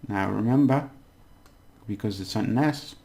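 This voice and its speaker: A man teaching a casual language lesson, patiently breaking down words and slowly overpronouncing the examples. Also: lowish voice, creaky, mellow.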